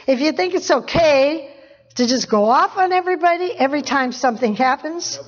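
A woman's voice: high-pitched, lively intonation, brisk. A woman preacher giving an informal sermon, chatty, laughing often and repeating phrases for emphasis. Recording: dull lo-fi recording.

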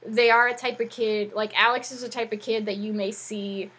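This is a woman co-hosting a casual conversation, her voice pitched a little high with a husky, breathy edge. She rambles freely and fills her sentences with "like" while she works out her thoughts. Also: steady tone, moderate pace, a bit bright, rough recording. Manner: chatty, rambling, with frequent "like" fillers. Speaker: podcast co-host and educator. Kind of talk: casual chat.

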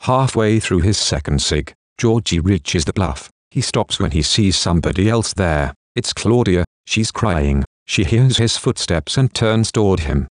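A man narrating an audiobook in a steady, matter-of-fact way. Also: low-pitched, unhurried, few pauses, no room sound, clean studio sound.

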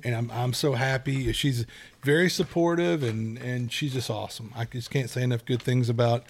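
A man's voice: medium pitch, fairly even intonation, moderate pace. A middle-aged man co-hosting a casual podcast, telling rambling stories and acting out the quoted dialogue. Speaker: podcast co-host.

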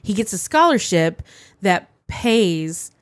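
A woman co-hosting a podcast, recapping a movie in a plain, matter-of-fact way and gently pushing back. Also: medium pitch, very animated, slow, no echo, clean studio sound. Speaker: podcast co-host. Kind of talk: casual chat.

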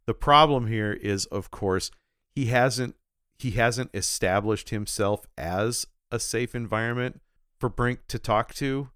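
A man co-hosting a podcast, chatting about a movie, expressive and reflective, swearing freely. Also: medium pitch, unhurried, no room sound, studio quality. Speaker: podcast co-host. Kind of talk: casual movie recap chat.

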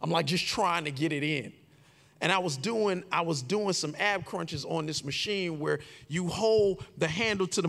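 Animated, gravelly man preaching in a hall. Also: on the high side. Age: 40s. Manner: animated storyteller, shouts and squeals for his own quoted voice. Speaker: pastor. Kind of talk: sermon with personal storytelling.

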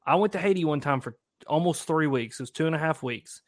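Animated man telling stories. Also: a little high, quick pace. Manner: animated storyteller, says dude and like. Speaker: podcast guest. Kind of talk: casual storytelling.

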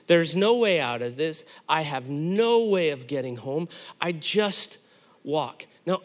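A middle-aged pastor from the United States telling a story in a sermon, animated, acting out his younger self's panic. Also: sits high.

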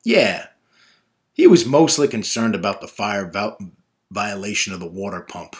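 A man voicing his father, a boisterous, gruff middle-aged dad who talks loud and excited. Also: lowish voice, normal speed. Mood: boastful.

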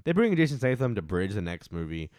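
A man's voice: lowish voice, fast talker, dry recording, clean studio sound. A man co-hosting a podcast, chatting casually about a movie and acting out lines from it. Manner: animated, quotes characters in put-on voices. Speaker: podcast co-host. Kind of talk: casual movie review chat.

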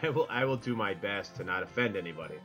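A man's voice: on the low side, expressive, fast talker, pushed and bright, faint music behind, poor audio. Rambling, jokey middle-aged man. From Connecticut, US. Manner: rambling, jokey, self-interrupting. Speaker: podcast co-host. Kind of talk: casual roundtable chat.

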